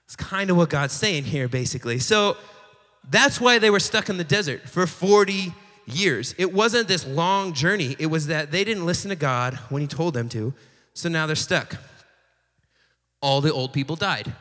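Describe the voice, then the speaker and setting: A young man with a bright, slightly high voice gives a casual sermon. He acts out every quote in a lively, joking way. His words ring out with a long echo through a large hall. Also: normal speed. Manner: animated storyteller acting out quotes, joking asides. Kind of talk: casual sermon retelling a Bible story.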